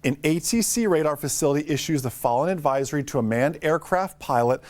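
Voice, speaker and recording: A man teaching a live online lesson for drone pilots, talking fast and upbeat, greeting viewers by name. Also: fairly high pitch, lively intonation.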